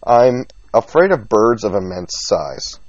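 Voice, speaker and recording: A man's voice: on the low side, a little slow, dry recording. A man co-hosting a podcast in casual chat, teasing his friends and hamming it up. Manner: animated, teasing, mock-dramatic. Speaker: podcast co-host. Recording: dull lo-fi, dry sound.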